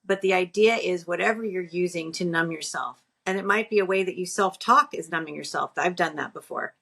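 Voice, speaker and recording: A woman's voice: on the low side, a little fast, vocal fry, bright, forceful tone. A woman co-hosting a podcast, giving earnest, encouraging advice in casual conversation. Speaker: podcast co-host.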